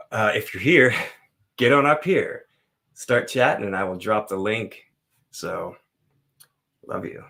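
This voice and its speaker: A man hosting a casual live stream, chatting loosely and reading scripture slowly and dramatically. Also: medium pitch, gravelly, slightly rough. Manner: loose, rambling, playful.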